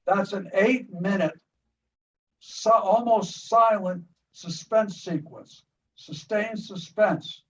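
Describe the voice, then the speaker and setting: With a fairly high voice, an older American filmmaker being interviewed brings his film-making story to life scene by scene. He restarts quickly and repeats words again and again. Faint hiss and a muffled, distant quality mark the recording.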